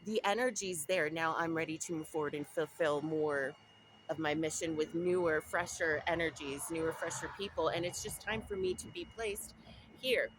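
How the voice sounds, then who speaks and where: A woman's voice: low-pitched, normal speed, background noise. A young woman from Southern California, talking in a rambling, casual way about her spiritual journey, with many restarts and asides. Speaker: vlogger. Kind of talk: casual spiritual diary talk.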